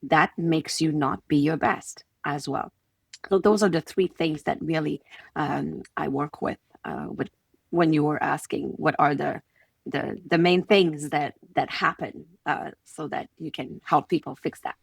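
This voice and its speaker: Quebec French-accented woman, podcast guest coach, lowish voice, close and dry, animated storyteller. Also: measured pace, creaky, slightly rough, no echo. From Quebec City, Canada. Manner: animated, acts out little scenes in quoted voices. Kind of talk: conversational podcast interview.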